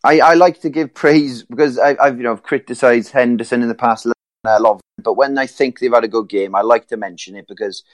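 A man's voice: medium pitch, fairly quick, no room sound. A man co-hosting a football podcast, talking casually in rambling turns full of fillers and restarts. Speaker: podcast co-host.

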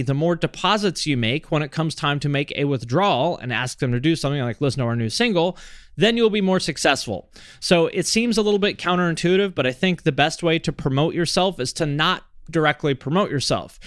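A man hosting a podcast, answering listener questions in a relaxed, rambling way with lots of fillers. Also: fairly high pitch, dry recording, clean studio sound. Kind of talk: casual chat.

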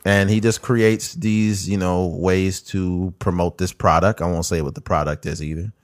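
A man's voice: low voice, fairly even intonation, moderate pace. A man hosting a podcast in casual chat, laid-back and joking, swearing freely. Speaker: podcast host.

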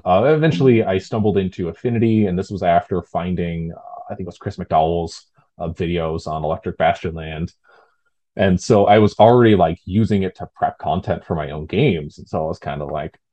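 A man's voice: deep voice, a little fast, warm tone, highs cut off. A man talking casually as an interview guest, rambling with fillers and restarts. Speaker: guest, tabletop game designer.

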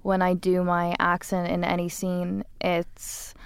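Chatty Irish woman with a gravelly edge. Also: fairly low pitch, completely flat delivery, takes it slowly, no echo. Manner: chatty, laughs easily. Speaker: actor guest. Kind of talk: casual interview chat.

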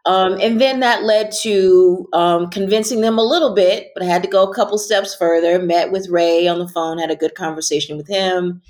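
Woman, middle-aged, low voice, reflective and sincere interview guest. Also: fairly even intonation, normal speed, few pauses. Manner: earnest, thoughtful, trailing off softly at times.

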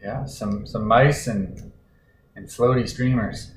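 A man co-hosting a casual chat, talking in a relaxed, rambling way with fillers. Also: lowish voice, slow pace. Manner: laid-back, rambling with fillers. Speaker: podcast co-host. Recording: roomy echo, faint noise.

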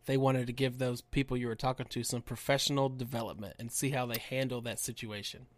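A man's voice: medium pitch, level tone, fairly quick. A man co-hosting a podcast, trading laid-back jokes in casual chat. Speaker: podcast co-host.

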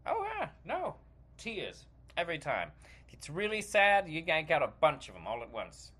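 A man's voice: on the high side, huge pitch swings, moderate pace, bright, forceful tone, slightly rough, full character voice. Man putting on a pompous British TV star. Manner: grand and patronizing, calls others 'dear fellow' and 'chap'. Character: pompous famous male TV actor, condescending. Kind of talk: comedy sketch.

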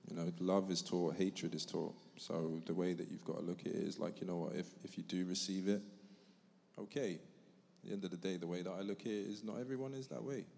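Gravelly low-voiced man from the UK. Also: fairly even intonation, fairly quick, dark tone. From United Kingdom. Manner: easygoing, philosophical. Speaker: panelist. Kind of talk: panel discussion. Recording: long hall reverb.

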